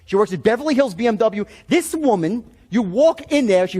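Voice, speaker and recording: A middle-aged man giving a sales seminar, telling stories in an animated, blunt way full of profanity. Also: very high-pitched, a little fast, hardly any pauses, husky. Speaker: sales trainer. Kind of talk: seminar talk.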